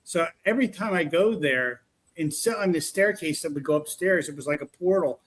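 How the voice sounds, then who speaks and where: A man's voice: on the high side, fairly quick. A man casually telling a long, rambling story about his paranormal investigations, full of restarts. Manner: rambling, animated retelling with restarts.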